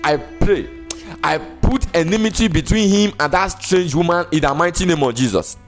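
A man's voice: on the high side, normal speed, faint music behind. A man with a Nigerian accent, a pastor delivering a sermon and fervent prayer in repeated, sing-song decrees. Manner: emphatic, repetitive decrees.

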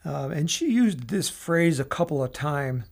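Solo podcast host, mid-pitched, chatty and explanatory, often restarting sentences. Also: animated, unhurried, vocal fry, a little mellow. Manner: explanatory, loose, with restarts and asides. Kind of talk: casual solo podcast analysis.

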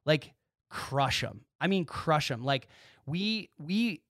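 A man hosting his own podcast, talking excitedly in a casual monologue and acting out quick bits of dialogue. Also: fairly high pitch, no room sound, studio quality. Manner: excitable, animated, talks with his hands in quoted dialogue. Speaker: podcast host.

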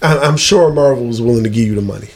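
A man's voice: medium pitch, fast. A man co-hosting a podcast, talking casually and animatedly about movies. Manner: animated, explains at length, laughs often. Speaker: podcast co-host. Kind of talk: casual chat.

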